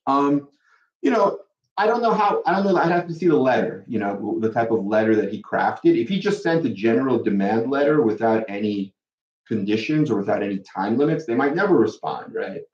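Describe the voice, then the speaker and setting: A man, a personal injury lawyer, answering viewer questions in a casual live Q&A, animated and acting out the other side in quick quoted asides. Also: medium pitch. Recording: dull, roomy sound.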